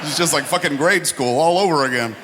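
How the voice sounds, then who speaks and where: A man's voice: fairly high pitch, brisk, background noise. Profane, riffing male host in a hall. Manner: profane, riffing, mock voices for comic bits. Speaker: podcast host. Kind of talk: casual chat.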